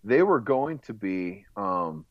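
A man co-hosting a casual movie podcast, relaxed, sharing film trivia and laughing along. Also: on the low side, slow, a crowd in the background. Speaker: podcast co-host. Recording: dry, dull lo-fi mic.

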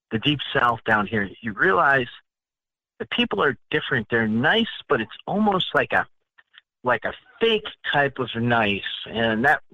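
A man's voice: medium pitch, pushed and bright, no echo, highs cut off. A man from the Northeastern United States hosting a casual chat, telling stories in a boastful, mock-arrogant way. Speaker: podcast host.

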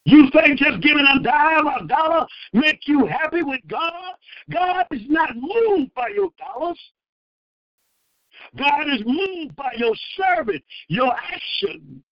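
Preacher guy, slow drawn-out sermon, acts out the bible characters, gets loud, kinda muffled dry recording. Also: very high voice, very animated, dry recording. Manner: fervent preaching with sudden loud bursts; acts out the speakers in the verses.

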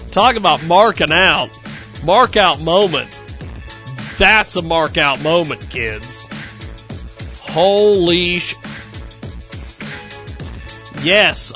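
A man hosting a radio show, rambling and joking and laughing at himself. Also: a little high. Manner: animated, jokey, laughs at himself. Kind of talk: rambling comedic radio talk.

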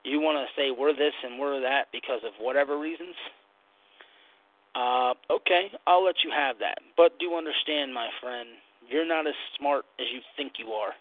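A man's voice: mid-range voice, moderate pace, no room sound. A man hosting a podcast, delivering a blunt, heated rant and calling people out over an online voice call. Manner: blunt, ranting, calls people out. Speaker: podcast host. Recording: tinny call audio, dry.

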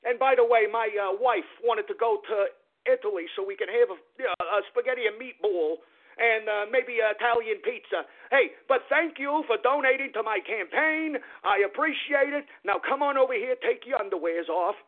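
A smug, boastful old politician gloats and sneers about his own tricks, as a high-voiced radio host puts him on. The voice stays high and comes through thin and tinny, like a phone call. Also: normal speed. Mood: gloating. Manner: gloating, sneering mock confession.

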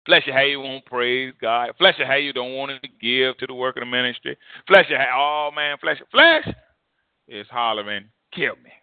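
Impassioned preacher on a tinny line. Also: male voice, mid-range voice, lively intonation, moderate pace, clear, resonant tone, no room sound. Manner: impassioned, repetitive, emphatic preaching. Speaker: pastor. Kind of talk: sermon.

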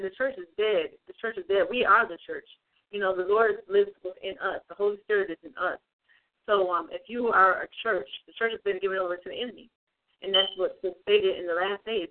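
Preachy livestream chat, lots of ums and repeats, mid pitch, thin phone-line sound. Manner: rambling, many fillers and repetitions. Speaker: online religious speaker. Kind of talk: informal religious livestream talk.

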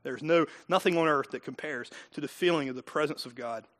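High, bright-voiced preaching man. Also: fairly quick. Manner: swings between hushed asides and loud emphatic lines, laughing often. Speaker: pastor. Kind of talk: sermon.

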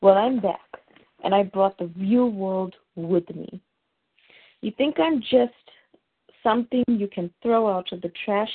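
A woman's voice: medium pitch, a little slow, long pauses, breathy edge. A woman reading out a taunting, vengeful gunman. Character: vengeful armed man threatening his family. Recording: tinny phone-like sound.

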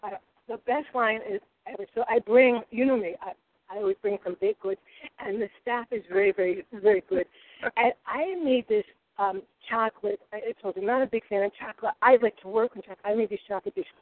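A middle-aged woman telling kitchen stories in a lively, expressive way as a guest cook. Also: medium pitch, fast, no room sound. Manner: lively, expressive, laughing storyteller. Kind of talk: animated storytelling chat. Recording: tinny phone-like line.

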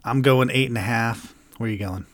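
Male podcast co-host, mid-pitched voice, laid-back, blunt, laughs easily. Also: a little fast. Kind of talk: casual movie podcast chat.

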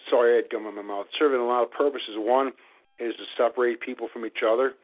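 A man talks on a narrow, tinny phone line at an ordinary pitch. He rambles through long rants, circling back with fillers as he goes. It sounds like a casual call-in chat. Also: steady tone, quick pace. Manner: rambling, ranting, lots of fillers.

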